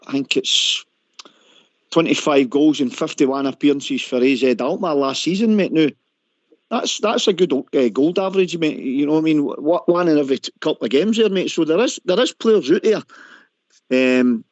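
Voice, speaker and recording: A man with a Scottish accent calls into a radio phone-in, chatting casually and calling everyone mate. His voice is fairly high-pitched with no echo, and the phone-in audio is muffled.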